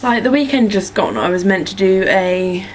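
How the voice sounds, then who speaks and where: A woman's voice: mid-range voice, lively intonation, normal speed, slight background noise, low-quality recording. A young woman from Norfolk, England, with an English accent, rambling through follower questions and filling gaps with "like" and "um". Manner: chatty, rambling, many "like" and "um" fillers. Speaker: vlogger answering follower questions. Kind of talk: casual chat.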